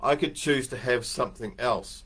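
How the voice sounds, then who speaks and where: Older guy doing a chatty motivational talk, rambly, lots of ums, musing out loud. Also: medium pitch, normal speed, slightly rough. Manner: rambling, anecdotal, musing aloud with fillers. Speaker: speaker giving a morning talk.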